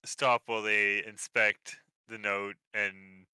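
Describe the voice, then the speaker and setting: A man narrating as game master of a tabletop game, relaxed and hesitant with many fillers. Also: lowish voice, slow pace, clean tone, no room sound, rough recording.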